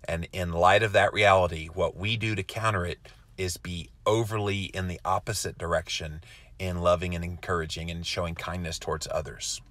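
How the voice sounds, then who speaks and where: A middle-aged man with a Southern US accent talks through viewer comments in a relaxed, earnest, folksy way, humming little filler syllables between them. His voice is fairly low but bright and forceful, and the sound is close and dry. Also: normal speed, dry recording. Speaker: host reading viewer comments. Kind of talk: casual live-stream chat.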